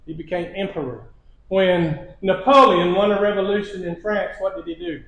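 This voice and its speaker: Preacher, male, high-pitched, chuckling storyteller, roomy church sound. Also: normal speed, phone-quality sound. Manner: storytelling with repeated phrases and chuckles. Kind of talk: sermon lesson. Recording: echoey church hall.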